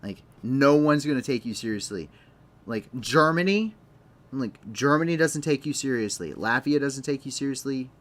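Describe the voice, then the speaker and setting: A man's voice: mid-range voice, animated, moderate pace, a bit bright. A young man hosting a live online news show, commenting off the cuff in a rambling, sarcastic way with many restarts.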